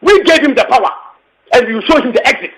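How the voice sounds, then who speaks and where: This tenants union secretary general, a man with a Ghanaian English accent, delivers a fiery, emphatic interview statement, circling back to his points and dropping in local phrases. His voice is very high-pitched, expressive and fast, with a fairly bright tone on a low-quality recording.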